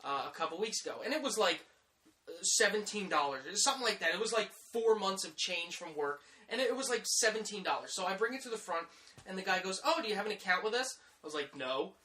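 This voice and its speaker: A man's voice: sits high, animated, fast, pushed and bright, slight background noise. A man in his thirties, co-hosting a podcast, delivering a vulgar, over-the-top comedic rant. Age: 30s. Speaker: podcast co-host.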